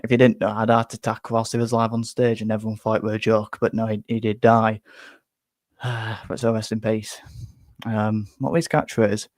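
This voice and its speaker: A man's voice: fairly low pitch, flat delivery, normal speed, a little mellow, dry recording. A man hosting a live fan reaction, talking bluntly with many restarts and a little out of breath. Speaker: fan channel host.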